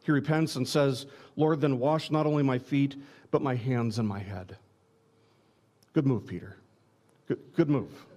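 A man's voice: medium pitch, measured pace, long pauses, mellow. Earnest male preacher with stammered restarts. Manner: earnest, stammering restarts, direct appeals to listeners. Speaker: pastor. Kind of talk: sermon.

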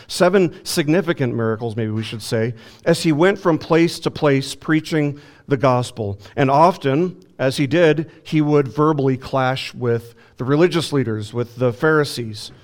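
Emphatic man preaching a sermon. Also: fairly high pitch. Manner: emphatic, slows down to stress key words; asks the congregation rhetorical questions. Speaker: pastor teaching a Bible lesson. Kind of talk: expository sermon.

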